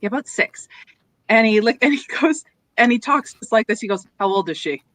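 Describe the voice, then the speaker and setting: A woman's voice: on the high side, moderate pace, fairly bright tone, no echo, poor audio. Middle-aged woman co-host, chatty storyteller, casual tone. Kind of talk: casual panel chat.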